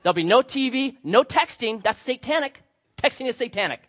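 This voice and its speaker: Young man, pastor, high bright delivery, storytelling sermon, slightly muffled lo-fi audio. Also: expressive, fairly quick. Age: young adult. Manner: storytelling, acting out voices with humor. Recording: slightly dull lo-fi sound.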